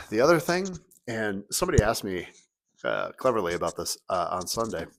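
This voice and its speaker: A man in his thirties with a fairly low voice, talking to his congregation as their pastor. He chats in a relaxed, joking way and tells stories with plenty of up-and-down energy. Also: normal speed, vocal fry. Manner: conversational, humorous storytelling with big pitch swings. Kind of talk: weekly church video message.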